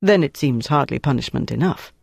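A reader doing a coolly menacing German officer. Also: male voice, mid-range voice, animated, a little fast, gravelly, no room sound, clean studio sound. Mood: cold, measured. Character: cold, calculating German officer interrogating a prisoner.

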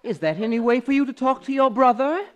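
An actor playing a formal, prissy brother-in-law in a 1940s radio comedy. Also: male voice, very high-pitched, animated, fast talker, clean tone, highs cut off. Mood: prim. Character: stuffy, prim brother-in-law in a business suit.

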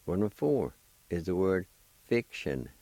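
A man's voice: low voice, big pitch swings, creaky, dark tone, no room sound. A man patiently spelling and pronouncing words letter by letter in a radio language lesson. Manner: slow, patient, encouraging. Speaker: language teacher and radio host.

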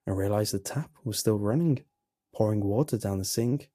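A man narrating a horror story in a slow, grim, measured way. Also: lowish voice, mellow, no echo, clean studio sound.

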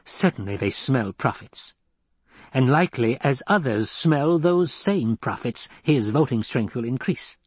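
A man's voice: mid-range voice, animated, unhurried, a little mellow, breathy edge, no echo, pitched above the performer's own voice. A man reading an audiobook, voicing a stern, snappish old woman who leads a scheming sisterhood. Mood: cold, scolding. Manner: snappish, sneering, demanding.

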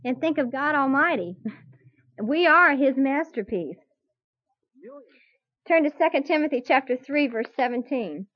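A woman teaching a Bible class to a live group, earnest and slow on key points, putting questions to her listeners, on a dull lo-fi tape recording. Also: high-pitched, lively intonation, no echo. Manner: earnest, drawn-out emphasis, asks the audience questions.

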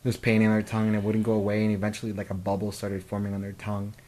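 A man in his twenties with a low voice, co-hosting a loose podcast chat. He rambles through stories, stacking up "um" and "like" as he goes. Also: monotone, very fast, dark tone, poor audio. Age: 20s. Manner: rambling storyteller, many fillers and "like". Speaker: podcast co-host.

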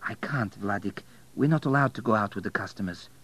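A man reading the part of a young Polish immigrant waitress, speaking softly with a Polish accent and a gently teasing manner. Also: on the low side, brisk, breathy edge. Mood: gentle.

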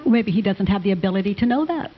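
A woman answers questions from a live audience. Her voice is husky and her manner is gentle and affectionate. The recording sounds dull and lo-fi. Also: medium pitch, lively intonation, fast. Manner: gentle, affectionate, calls people honey. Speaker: self-inquiry teacher.

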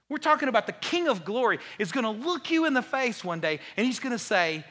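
A male pastor preaches in an easy, joking manner, stumbling over repeated words. His bright, tense voice swings widely in pitch and sinks low when he quotes Jesus. It rings out with the long reverb of a large church hall. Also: big pitch swings, a little fast. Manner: conversational and joking, with many restarts and repeated words; drops low and quiet when quoting Jesus. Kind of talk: sermon.

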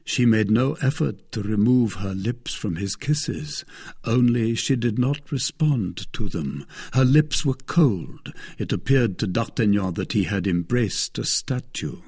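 A man narrating a classic novel in a measured, expressive reading. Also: on the low side, husky. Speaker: audiobook reader. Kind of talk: scripted narration.

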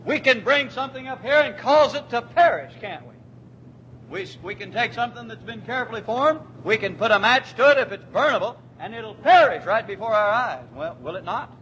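Male preacher, high and bright, drawn-out scripture readings, light room rumble. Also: animated, highs cut off. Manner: emphatic preaching, repeats key words, slows on scripture. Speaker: pastor. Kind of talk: sermon.

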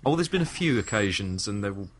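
A British man co-hosts a relaxed podcast conversation. His voice sits low but has a bright edge. He talks in quick bursts with frequent restarts. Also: husky. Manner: chatty, restarts often, bursts into mock cockney voices. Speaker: podcast co-host. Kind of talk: casual chat.

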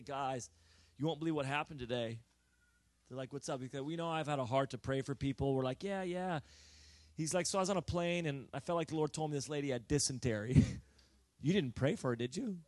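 A middle-aged male pastor preaching a sermon, telling a story with acted-out dialogue and building to loud, emphatic exhortation. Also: medium pitch, a little fast, no echo.

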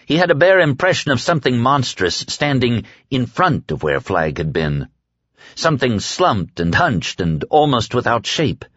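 A man reading an audiobook with deliberate, dramatic storytelling. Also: mid-range voice, a bit bright, no echo, dull audio. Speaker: audiobook narrator. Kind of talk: scripted narration.

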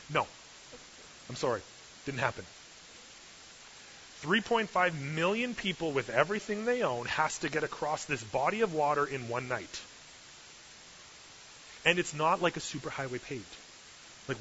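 Animated pastor telling a story. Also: male voice, mid-range voice. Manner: lively, acts out voices, shifts from hushed to loud. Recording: dull lo-fi recording with faint hiss.

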